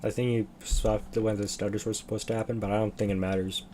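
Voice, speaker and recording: A man's voice: lowish voice, little pitch movement, fast, warm tone, a little hiss or hum. A young man chatting on a livestream, rambling and losing his train of thought. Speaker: streamer. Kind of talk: casual livestream chat.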